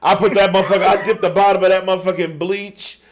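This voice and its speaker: Animated, swearing male podcast host. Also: high voice, fast, a crowd in the background. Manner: animated storyteller, swears freely, laughs often. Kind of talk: casual chat.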